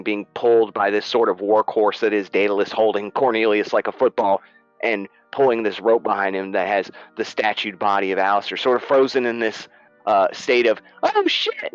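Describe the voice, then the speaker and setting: A man's voice: fairly low pitch, fairly bright tone, clean tone, no echo, muffled recording. A man narrating as game master of a tabletop game, in a casual, loose style with fillers.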